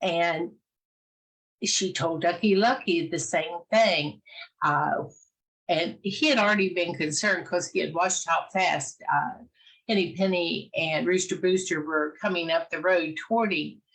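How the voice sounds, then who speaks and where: A woman telling a children's fairy tale in a casual, gentle way, pausing often with "uh". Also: fairly low pitch, poor audio. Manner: gentle, many "uh" pauses. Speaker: storyteller. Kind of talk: casual storytelling, reading a fairy tale aloud.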